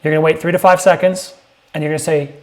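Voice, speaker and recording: A man gives a sales lesson in a direct, emphatic way, hitting his points hard. His voice sits a little high for a man. Now and then he lifts it further to mimic a hesitant prospect. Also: little pitch movement, fast talker, a little mellow. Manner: emphatic, punchy, acts out prospect lines in a higher voice. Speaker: sales coach.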